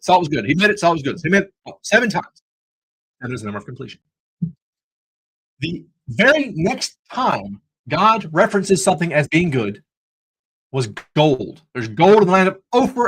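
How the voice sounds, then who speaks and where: Husky man hosting a Bible study stream. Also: a little high, fairly bright tone, low-quality recording. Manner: earnest, preacherly, jokey asides. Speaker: podcast host. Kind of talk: livestreamed Bible study talk.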